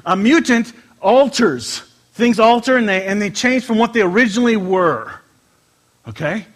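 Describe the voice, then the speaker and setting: A male pastor giving a conversational sermon to his congregation, joking in asides and slowing down to stress scripture. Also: sits high, lively intonation. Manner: conversational, emphatic, playful asides, drawn-out scripture reading. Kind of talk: informal sermon with scripture reading. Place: church sanctuary with a congregation.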